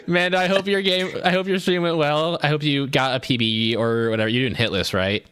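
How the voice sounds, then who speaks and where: A man's voice: a little high, moderate pace, a bit bright, clean tone, no room sound, clean studio sound. A man streaming a game, chatting and joking with friends in a playful, teasing way. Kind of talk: casual chat while gaming.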